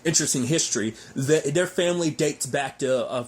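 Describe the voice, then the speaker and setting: A man's voice: fairly high pitch, brisk. Rambling man recapping a show. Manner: rambling, animated, frequent restarts and fillers. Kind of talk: casual episode recap.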